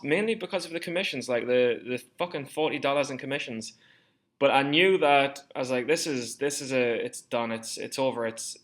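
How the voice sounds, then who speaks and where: A man's voice: fairly high pitch, a bit bright. A man in his twenties talking through his stock trades in a casual, rambling way, swearing often and laughing at himself. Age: 20s. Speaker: stock trading vlogger. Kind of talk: casual screen-share commentary.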